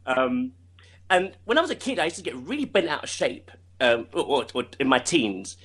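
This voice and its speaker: A male singer being interviewed, talking in a casual, animated way with frequent restarts. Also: mid-range voice, moderate pace, slightly rough. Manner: animated, many restarts and laughs.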